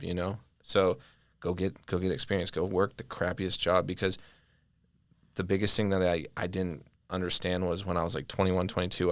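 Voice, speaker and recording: A young man talking as a podcast guest in a casual, animated way, often filling with "like". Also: sits low, dry recording, clean studio sound. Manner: animated storyteller, heavy use of "like". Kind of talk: casual conversation.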